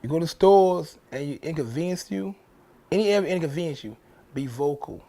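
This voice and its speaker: A man's voice: fairly high pitch, lively intonation, brisk, dark tone. A man, hosting his own show in a blunt, profane casual monologue that repeats points for emphasis. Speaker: show host.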